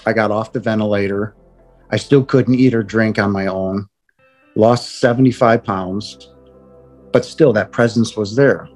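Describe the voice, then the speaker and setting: A middle-aged man earnestly telling of his near-death experience, often halting and repeating words as he goes. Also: fairly low pitch, darkish tone. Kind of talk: personal testimony.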